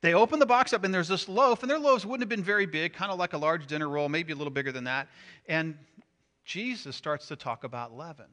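Middle-aged male pastor, lively sermon delivery, bright forceful tone, slightly high voice, big swings between loud and hushed. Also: quick pace. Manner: animated, swings from loud emphasis to hushed asides.

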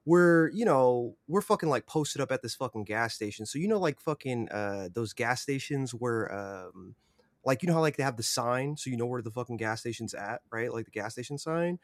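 A man's voice: medium pitch, animated, moderate pace, dry recording. A young man, a podcast guest, telling a rambling story in casual chat, full of swearing and fillers.

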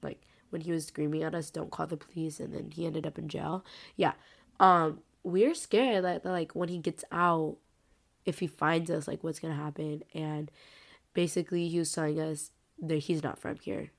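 A teenage girl hosts her podcast alone, sounding sick and a little congested. Her voice sits slightly low for a young woman. She rambles along in loose, chatty talk, stringing thoughts together with constant filler words. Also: fairly even intonation, normal speed, creaky. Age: late teens. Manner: rambling, heavy use of "like" fillers. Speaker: podcast host. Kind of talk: casual solo podcast chat.

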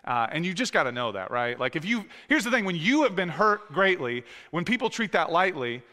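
A man's voice: high-pitched, big pitch swings, fairly quick, sharp tone. A man in his thirties, a pastor preaching a sermon in a casual, conversational way, with many fillers and restarts. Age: 30s. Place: church sanctuary with long reverb. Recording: echoey hall reverb.

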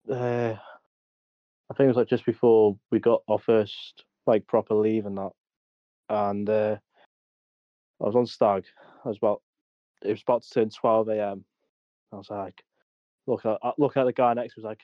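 A man's voice: fairly low pitch, no echo. A young man co-hosting a podcast, telling army stories in a rambling, sweary way with lots of restarts. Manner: rambling storyteller, heavy swearing, many restarts. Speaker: podcast co-host. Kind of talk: casual army stories chat. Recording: dull dry lo-fi audio.

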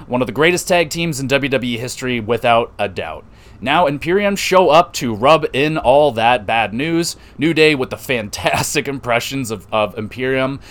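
Casual swearing man recapping wrestling. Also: medium pitch. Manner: excitable, swears, laughs often. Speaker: podcast host reviewing wrestling.

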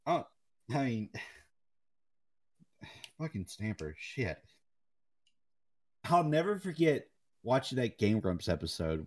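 A man's voice: deep voice, a little mellow, dry recording, studio quality. A young man co-hosting a podcast in laid-back casual chat, swearing casually and laughing often. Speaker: podcast co-host.

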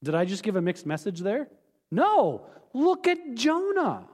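Brief: male pastor, high animated delivery, earnest and blunt, echoey sanctuary. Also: a little slow. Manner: earnest, candid, emphatic, with sudden drops to quiet. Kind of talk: sermon. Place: church sanctuary.

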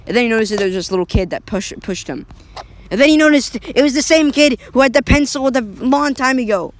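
A man's voice: very high voice, fast talker. A man telling an improvised story in a casual, rambling way, correcting himself often, his voice cracking at times.

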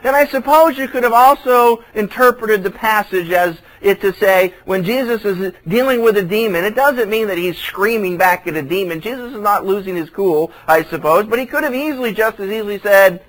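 A pastor teaching a sermon through a Bible passage, retelling the scripture in everyday, conversational speech. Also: male voice, sits high, normal speed, few pauses, a bit bright, rough recording.

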